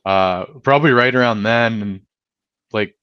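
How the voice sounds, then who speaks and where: A male musician guest in a casual interview, speaking in a relaxed way full of "like" and "um". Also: fairly low pitch, measured pace, clear, resonant tone, no room sound, lo-fi sound. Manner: relaxed, lots of "like" and "um" fillers.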